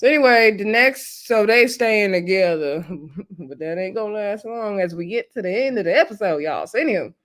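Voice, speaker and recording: A woman casually recapping a reality show episode, chatty and animated, laughing often and acting out what people said, with slang like "y'all". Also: mid-range voice, normal speed. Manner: uses Southern US slang like y'all and child.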